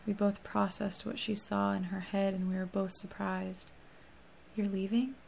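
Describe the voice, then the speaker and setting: A woman reads a first-person novel aloud in a hushed, steady voice that often sinks to a whisper. Her tone stays flat, with a strong gravelly fry, and a faint hiss of noise sits underneath. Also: medium pitch, normal speed. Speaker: audiobook reader.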